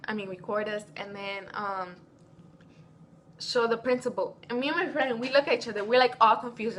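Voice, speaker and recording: Animated teenage girl telling a story. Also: fairly high pitch, normal speed, a little hiss or hum. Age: teens. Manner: animated, reenacting quotes. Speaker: vlogger. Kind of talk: storytime vlog.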